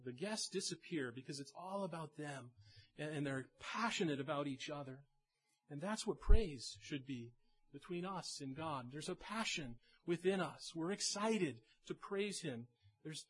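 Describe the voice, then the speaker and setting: A man's voice: fairly high pitch, lively intonation, a little slow, breathy edge. A male pastor preaching a sermon in an earnest manner, rising to emphatic peaks and often repeating his words.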